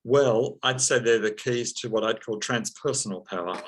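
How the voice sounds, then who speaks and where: A man speaking as an interview guest, slow and reflective, with many pauses and fillers. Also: mid-range voice, poor audio. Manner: slow, thoughtful, many ums and uhs. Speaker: psychologist and counseling teacher, guest.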